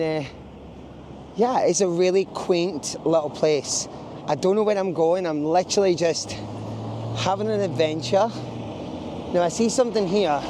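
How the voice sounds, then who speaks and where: Fairly high-pitched and mellow, this Scottish-accented man's voice comes with slight background noise. Strolling through a small town, he rambles to the camera in a casual travel vlog, chatty and full of jokes.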